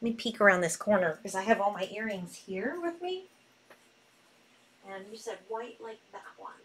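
A woman's voice: mid-range voice, lively intonation, normal speed, slight background noise. A woman hosting a live sale, bubbly and gushing as she talks. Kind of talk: live selling stream.

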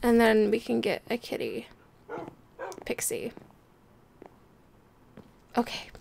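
A woman's voice: on the high side, very animated, slow pace, gravelly, darkish tone, a little hiss or hum. A young woman chatting playfully as she plays a building game and talks her viewers through it, laughing often. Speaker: gameplay video host. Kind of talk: casual game commentary.

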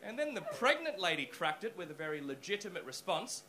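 Animated high-voiced male stand-up comic. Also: very noisy. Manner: animated, swearing, fast storytelling. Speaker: stand-up comedian. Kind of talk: stand-up comedy storytelling. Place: comedy club stage.

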